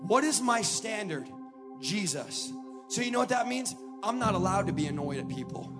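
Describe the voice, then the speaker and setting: A man preaching a sermon as a traveling preacher, animated and building to shouts. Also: high-pitched, moderate pace. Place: church hall. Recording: echoey church hall with music.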